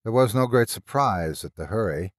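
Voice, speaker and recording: Male narrator for a classic ghost story, lively intonation, dry close sound. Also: on the low side, normal speed, dry recording.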